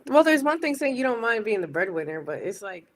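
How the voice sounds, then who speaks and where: A woman's voice: on the high side, big pitch swings, brisk. Hesitant woman hedging her views. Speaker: panel guest. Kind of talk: casual chat on a call.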